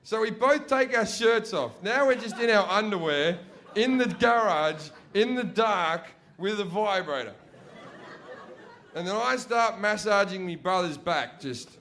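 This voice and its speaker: A man's voice: high voice, unhurried, slight background noise. A young man doing profane stand-up storytelling, acting out his family's voices. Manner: profane, animated, acts out family members' voices. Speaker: stand-up comedian. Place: comedy stage before a live audience.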